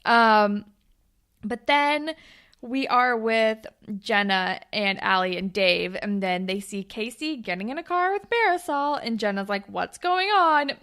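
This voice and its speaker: A young woman co-hosting a podcast recaps a TV episode in casual, chatty conversation, laughing often and filling her speech with "like" and "um". Her medium-pitched voice is unhurried, fairly bright, clear, and resonant.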